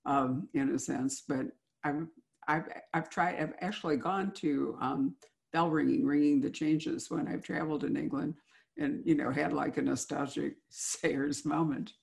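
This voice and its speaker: Woman host, low creaky voice, enthusiastic and chatty interviewer. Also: fairly even intonation, unhurried, a little mellow. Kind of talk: casual interview.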